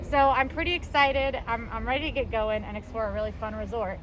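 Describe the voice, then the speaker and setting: A woman's voice: a little high, fairly even intonation, fairly quick, fairly bright tone, slight background noise, low-quality recording. A woman hosting a vlog race, cheerful and full of competitive trash talk. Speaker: show host and race competitor. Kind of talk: upbeat vlog chat.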